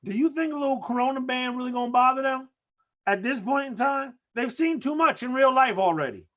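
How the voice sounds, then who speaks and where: A man with a fairly high voice riffs through a casual comedy chat, incredulous and playful. The sound is muffled and lo-fi. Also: fairly quick. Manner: animated, incredulous, joking. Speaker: co-host. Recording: muffled lo-fi audio.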